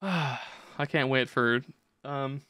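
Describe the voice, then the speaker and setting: A man's voice: mid-range voice, very slow, bright, forceful tone, smooth, no echo, clean studio sound. A young man hosting a podcast, telling crude, profane comic stories in a brash, rambling way. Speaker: podcast host. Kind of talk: crude comedic rant.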